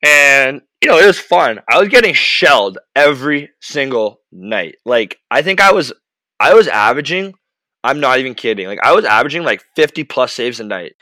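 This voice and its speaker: A young man telling an animated, profane story about his hockey days in casual chat. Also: mid-range voice, normal speed, dry recording. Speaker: podcast host, former hockey goalie.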